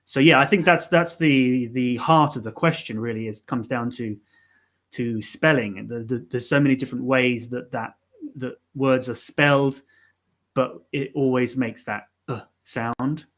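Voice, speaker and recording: A man's voice: medium pitch, unhurried, a bit bright. A man co-hosting a live learning stream, explaining pronunciation in a casual, hesitant way with many fillers. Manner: hesitant, lots of ums and restarts, explanatory.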